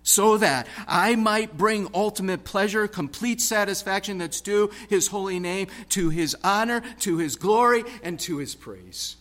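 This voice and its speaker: A man preaching a sermon in a rhythmic, emphatic way, swinging from loud stress to hushed tones. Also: sits high, measured pace, few pauses.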